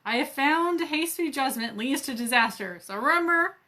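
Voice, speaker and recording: A woman's voice: high-pitched, animated, moderate pace, sharp tone. A woman reading aloud, voicing a wise, preachy talking owl in a storybook. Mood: lecturing.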